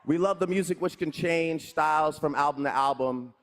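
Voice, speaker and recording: A man's voice: a little high, moderate pace, a bit bright. Male speaker, formal tribute, rhythmic lines. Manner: declamatory, rhythmic delivery. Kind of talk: scripted tribute speech.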